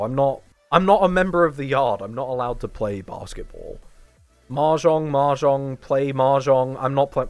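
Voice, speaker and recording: Male streamer, somewhat high voice, manic rambling chatter over faint music. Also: clean tone, no room sound. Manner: hyper, rambling, swears a lot; jumps between loud high bursts and low mutters.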